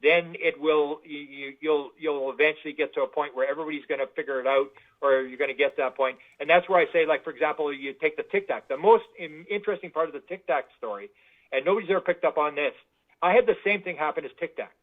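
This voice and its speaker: A man telling stories as a guest in an interview, animated and full of restarts. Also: a little high, quick pace. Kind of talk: anecdotal interview storytelling. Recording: tinny phone-like line.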